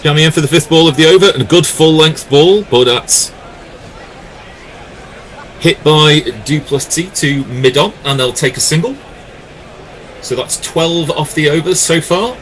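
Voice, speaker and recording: A man giving live ball-by-ball cricket commentary, with lively calls and jokey banter with his co-commentator. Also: fairly high pitch, a little slow, long pauses, a little hiss or hum.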